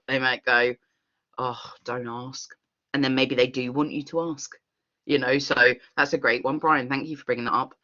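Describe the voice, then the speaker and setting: A woman leading an online workshop, talking in an expressive, earnest way over a video call. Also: extremely low pitch, highs cut off. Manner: expressive, earnest, with quick laughs. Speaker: workshop facilitator.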